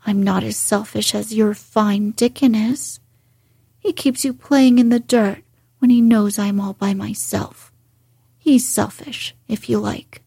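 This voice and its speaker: A woman's voice: medium pitch, fairly even intonation, slow, dark tone, no echo, studio quality, full character voice. A woman doing a sulky, whispery sickly boy. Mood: petulant. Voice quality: breathy whisper. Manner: sulky, self-pitying. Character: sickly spoiled petulant young boy.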